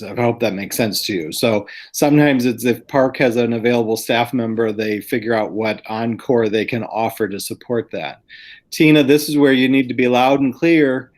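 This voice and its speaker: A man who works as a school district administrator, explaining plans to a planning group in an earnest, explanatory way over a video call. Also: medium pitch.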